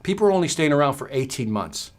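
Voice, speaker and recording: A man hosting a livestreamed sales lesson from his studio, asking the audience quick rhetorical questions as he goes. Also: a little high, very animated. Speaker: sales trainer and livestream host. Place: home studio.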